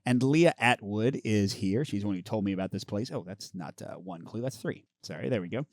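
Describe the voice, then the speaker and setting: A man's voice: fairly low pitch, brisk, darkish tone, dry recording, studio quality. A man hosting a tabletop card game playthrough, chatting casually as he explains the rules and reads the story text aloud. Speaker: host of a board game channel.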